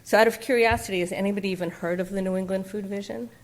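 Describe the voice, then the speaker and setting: A woman's voice: mid-range voice, steady tone, racing. A woman giving a public lecture in a conversational way, with fillers and questions to the audience in a lecture room. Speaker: guest speaker from a farmland nonprofit.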